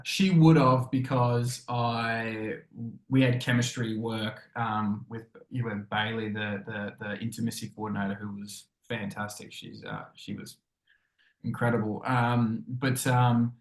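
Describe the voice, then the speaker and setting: An Australian actor, interviewed as a guest, tells stories casually in an echoey room. His mid-range male voice is unhurried with fairly even intonation, and he's chatty and rambling, full of fillers and acted-out quotes.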